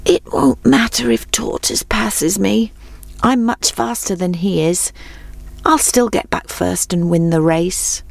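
A woman voicing a boastful young male hare who mocks and talks quickly. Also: on the low side, creaky, no room sound, exaggerated voice. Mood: lazy, smug. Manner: mocking, lively, quick-talking.

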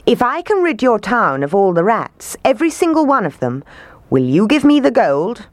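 Bold mysterious piper for a storybook, voiced by a woman reader, earnest and lifted in pitch. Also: lively intonation, normal speed, no echo. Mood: bold bargaining.

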